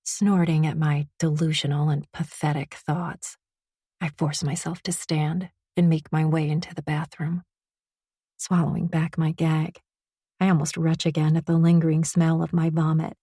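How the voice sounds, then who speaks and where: A woman's voice: low voice, flat delivery, moderate pace, dark tone, slightly rough, no room sound, clean studio sound. A woman narrating a first-person romance audiobook in an intimate, confessional reading.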